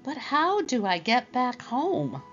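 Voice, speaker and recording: A woman's voice: sits high, very animated, takes it slowly, pitched above the performer's own voice, full character voice. A woman reading aloud, voicing a plucky, polite mother shrew in a storybook. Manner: polite, plucky and sharp-tongued. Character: brisk, bold mother shrew. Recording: dull lo-fi with faint music.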